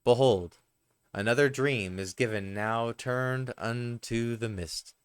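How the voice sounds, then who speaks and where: A man's voice: medium pitch, slow, clear, resonant tone, no echo, clean studio sound, lightly acted. A man reading aloud the tender, wistful lines of a dreamy man in love.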